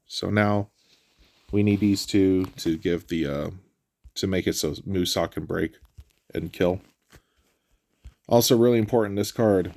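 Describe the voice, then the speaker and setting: Stuffy-nosed man, low gravelly voice, casual game walkthrough commentary, dry close mic. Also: no echo. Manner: relaxed, explanatory, with frequent fillers. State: stuffy nose. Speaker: gameplay commentator.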